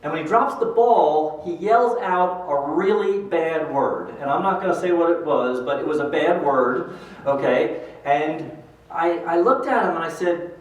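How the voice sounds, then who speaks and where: A fairly high-voiced older man gives a lively motivational talk, acting out the people in his stories. He is heard from a distance in a big, very echoey hall. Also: normal speed. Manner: animated storyteller acting out quoted voices. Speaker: speaker at a pro-life event.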